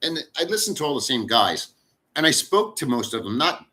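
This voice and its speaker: A middle-aged man talks loosely to his live chat from his home in the Philippines. His voice is bright and forceful, and he rambles bluntly with plenty of swearing. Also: mid-range voice, big pitch swings, fairly quick. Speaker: livestream host. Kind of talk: casual live chat with viewers.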